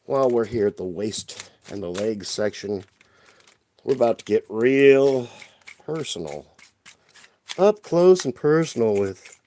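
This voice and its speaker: Live-stream host, male, playful and chatty with viewers; unhurried delivery with a very lively pitch. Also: slight background noise. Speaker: livestream host. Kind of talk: casual live-stream chat while cleaning toys. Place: room at home by a toy shelf.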